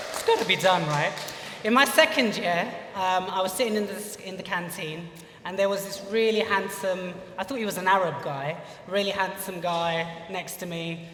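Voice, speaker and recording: A man's voice: high voice, a bit bright, slight background noise. A young British man telling a funny personal story on stage at a live lecture, chatty and full of "you know". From United Kingdom. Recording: echoey hall from far off.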